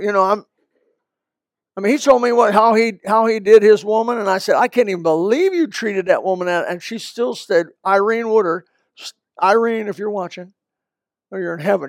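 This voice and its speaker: Older preacher guy, high gravelly voice, chatty folksy sermon, dry close sound. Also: dry recording. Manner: folksy, conversational preaching with quick asides. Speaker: pastor. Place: church.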